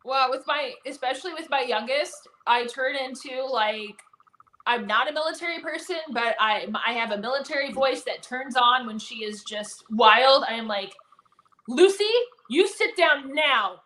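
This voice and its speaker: A woman's voice: a little high, moderate pace, bright, forceful tone, poor audio. A woman comedian guesting on a chat show over a phone, telling stories chattily with laughs. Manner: chatty storyteller, lots of fillers and laughs. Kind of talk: casual chat.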